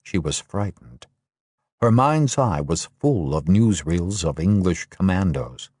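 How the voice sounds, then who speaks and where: A man narrating a war novel audiobook in a steady, measured way. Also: low-pitched, slightly rough, no room sound, clean studio sound. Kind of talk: scripted narration.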